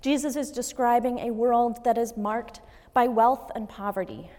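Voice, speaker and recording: A woman in her thirties, a pastor, preaching a sermon in an earnest, measured way with light personal asides. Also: a little high, fairly even intonation, darkish tone. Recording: long reverb of a church hall.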